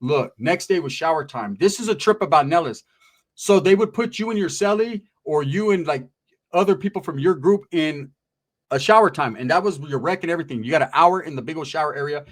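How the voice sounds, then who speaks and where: Animated, slang-heavy man telling stories. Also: on the high side, a little fast. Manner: animated, slang-heavy, acts out other people's lines. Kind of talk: casual storytelling.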